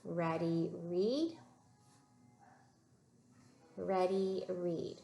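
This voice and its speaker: A woman teacher giving a phonics lesson to young children, modeling words slowly and patiently. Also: lowish voice, creaky, mellow. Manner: slow, patient, drawn-out word modeling. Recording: echoey room with faint room noise.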